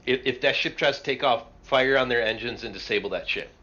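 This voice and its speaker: A man's voice: mid-range voice, a little fast, pushed and bright. A man playing a tabletop game, giving blunt, profane commands in character. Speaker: player. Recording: dull lo-fi stream audio.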